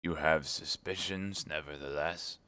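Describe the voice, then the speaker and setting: A cold, calculating cardinal, as a man reading aloud plays him, questions in a deep, unhurried tone. He stays measured and commanding. The sound is dry and close. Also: fairly even intonation, sharp tone, clean tone, dry recording, heavily acted. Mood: probing. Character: cold, shrewd older male cardinal, commanding.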